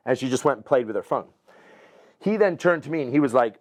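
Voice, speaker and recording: Profane, animated middle-aged male storyteller. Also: medium pitch, fast talker. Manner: animated, profane, acts out other people's lines. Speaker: podcast guest. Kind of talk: casual storytelling interview.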